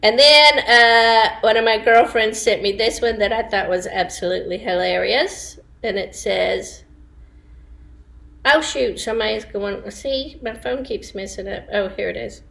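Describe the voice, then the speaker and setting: A woman's voice: medium pitch, unhurried, gravelly, fairly bright tone. A woman chatting casually to online viewers from home, laughing often and wandering into asides. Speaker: livestream host. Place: home, indoors.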